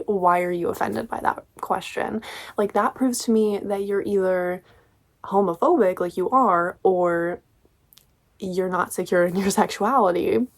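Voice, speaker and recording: Woman ranting about a book, sarcastic and fed up, casual vlog talk. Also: mid-range voice. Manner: sarcastic, exasperated critique. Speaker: book reviewer.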